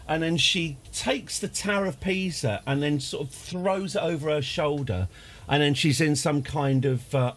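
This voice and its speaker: A man from the United Kingdom streams a space game, delivering rambling live commentary full of chat and rants. His medium-pitched voice has a breathy edge, and his manner is self-deprecating, with a tendency toward rants and restarts.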